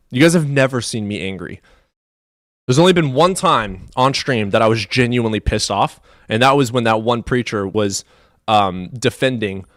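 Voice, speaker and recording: A man from the US Midwest live streaming, chatting in a profane, animated way that swings between loud outbursts and low mutters. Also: no room sound, clean studio sound. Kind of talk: casual livestream chat.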